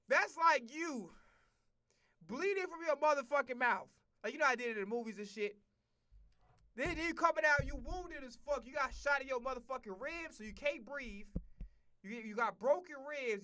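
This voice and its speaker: A streamer with a bright, forceful voice and a middling pitch, ranting in a loose, profane and animated way, tripping over his own words. His voice is recorded dry and close on a desk mic, with no room sound. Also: fairly quick, dry recording. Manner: profane, animated, rambling with restarts. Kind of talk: casual reaction rant.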